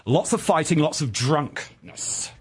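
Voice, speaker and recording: A man's voice: on the high side, big pitch swings, a little slow, husky. A middle-aged man hosting a casual chat, rambling and opinionated. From southern England. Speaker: host.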